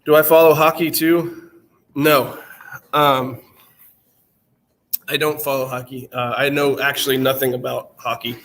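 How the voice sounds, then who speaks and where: A man's voice: mid-range voice, level tone, unhurried, long pauses, a bit bright. A man in his twenties with a general American accent, chatting casually on a live stream and answering questions, his voice worn out, rambling with many fillers and restarts. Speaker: channel host answering chat.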